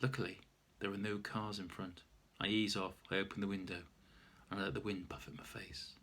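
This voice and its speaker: A man's voice: low-pitched, flat delivery, fairly quick, a bit bright. Wry man reading his own story. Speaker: author reading his memoir.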